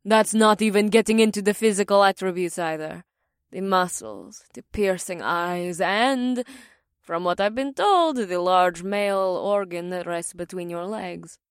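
A composed woman leader who speaks in a dry, matter-of-fact way with a scoffing edge, as a male narrator puts her on. Her voice sits well above a man's usual pitch and sounds smooth and clear. It is a close, dry storybook reading. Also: expressive, measured pace, dry recording. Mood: teasing.

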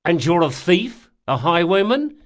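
A sharp-tongued thief, as a male narrator puts him on, menacing and sarcastic, swearing freely. His voice sits higher and louder than the narration, with a lively, hissing edge. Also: measured pace. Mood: sardonic.

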